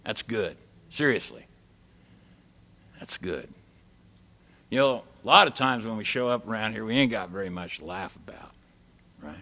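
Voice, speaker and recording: A man's voice: fairly low pitch, lively intonation, normal speed, long pauses, pushed and bright. An older man speaking plainly and folksily to a recovery meeting, telling stories and jokes. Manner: folksy, plain-spoken, tells jokes and quotes others. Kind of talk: storytelling talk to a live group.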